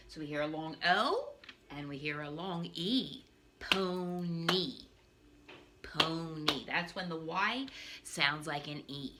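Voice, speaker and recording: A woman teacher giving a phonics lesson for young children from her living room, in an animated, sing-song way with playful asides. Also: deep voice, noisy background. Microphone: camera on a stand.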